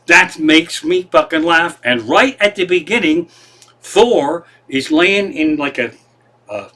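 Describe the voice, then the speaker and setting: A man hosts a loose comedy stream from his living room, talking in a slightly high, bright, forward voice. He meanders from one tangent to the next and sprinkles in plenty of profanity, poking fun at himself as he goes. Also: animated, takes it slowly. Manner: profane, meandering, self-deprecating. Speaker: comedian host. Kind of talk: rambling comedic monologue.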